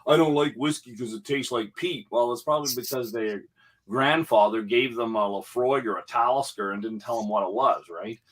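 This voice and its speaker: A man's voice: medium pitch, normal speed, fairly bright tone, poor audio. Rambling man telling whisky stories. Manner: rambling, joking, storytelling asides. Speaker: guest. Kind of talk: casual chat.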